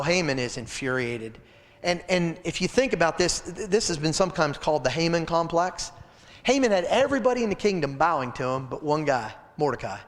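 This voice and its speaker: A man leading a midweek Bible study, telling the story in an animated way and addressing his listeners directly. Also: high-pitched, big-room sound.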